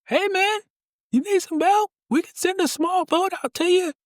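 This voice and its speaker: Guy doing friendly boat folks hollering out, way up high. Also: moderate pace, no echo, clean studio sound. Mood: friendly calling. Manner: high, bright put-on calling voice. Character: friendly boat crew offering help.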